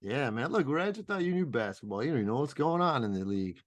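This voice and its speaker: A man co-hosting a podcast in casual chat, teasing and animated, swearing casually. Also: mid-range voice, fast talker, no room sound. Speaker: podcast co-host.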